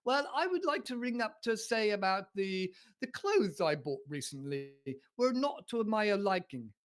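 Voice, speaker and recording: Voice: mid-range voice, sing-song, moderate pace, pitched above the performer's own voice, close to an everyday voice. A host doing a genteel, posh caller. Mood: polite. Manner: genteel and overly polite. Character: posh, polite British caller.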